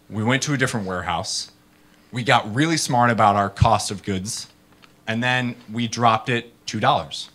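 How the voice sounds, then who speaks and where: Animated man telling stories on stage. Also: medium pitch. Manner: animated storyteller, acts out people in funny voices; casual, many fillers like "like". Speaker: startup founder giving a talk. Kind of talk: live talk to an audience.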